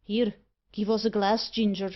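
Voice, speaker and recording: A crafty, rough-spoken tinker who talks in broad dialect, as a woman reads him. The audiobook sound is dull and lo-fi. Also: medium pitch, little pitch movement, measured pace, close to an everyday voice. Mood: sly. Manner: dialect speech, knowing. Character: sly cockney male tinker rogue. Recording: muffled lo-fi audiobook recording.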